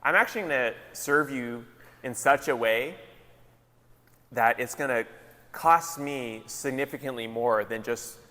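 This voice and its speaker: A man, a pastor, giving a casual, joking sermon with lively retellings. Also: mid-range voice, a little slow, in a large hall. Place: large hall.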